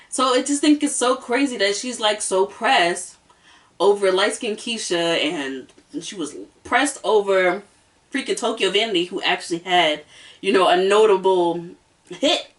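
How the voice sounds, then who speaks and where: A woman's voice: mid-range voice, unhurried, distant mic. A woman hosting a casual reality-show review, sassy and emphatic, hammering her points home by repeating them. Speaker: host.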